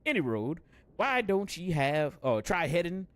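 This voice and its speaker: A man voicing a gruff, boastful male axeman who talks in a folksy, pirate-like way, reading game lines aloud. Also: on the high side, big pitch swings, a little slow, a bit bright, no room sound, pitched above the performer's own voice. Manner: swaggering, folksy old-timey talk.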